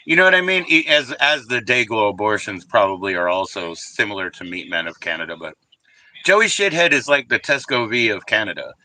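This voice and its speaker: Male livestream host, casual and profane, bright lively delivery. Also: on the low side, brisk, rough recording. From Washington DC area. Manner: rambling, profane, sings snatches of songs. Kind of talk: casual livestream chat about records.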